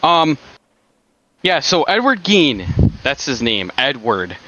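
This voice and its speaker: A man's voice: medium pitch, sing-song, takes it slowly, sharp tone. A man co-hosting a casual podcast, talking hesitantly with many fillers and restarts. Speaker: podcast co-host. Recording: dull lo-fi mic with faint hiss.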